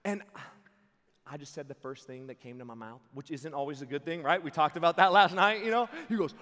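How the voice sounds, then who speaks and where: A young man preaching to a camp crowd, telling a story in an excitable, animated way and laughing along. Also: fairly high pitch, quick pace. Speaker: camp speaker. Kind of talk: storytelling sermon to a youth camp. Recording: long hall reverb.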